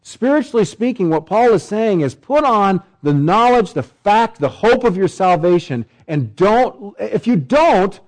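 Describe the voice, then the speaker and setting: A male pastor delivering a sermon, emphatic, with swelling pitch and repeated phrases. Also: very animated, a little slow, few pauses, rough recording.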